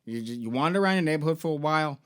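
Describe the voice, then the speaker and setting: A man's voice: a little high, expressive, very fast, clean tone. A young man hosting a casual recap of a game series, rambling and swearing, with many fillers. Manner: rambling, profane, full of fillers. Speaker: toy and game store host.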